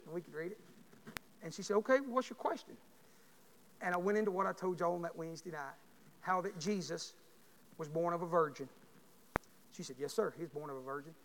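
High gravelly preacher. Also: male voice. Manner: builds to shouting. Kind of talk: storytelling sermon. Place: church sanctuary. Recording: long hall reverb.

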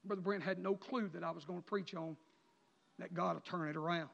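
A man preaching an emotional sermon, swinging from near-shouts down to quiet, low passages. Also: steady tone, brisk, creaky. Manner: impassioned, rising to near-shouts then dropping low. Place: church sanctuary. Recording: dull sound with long church reverb.

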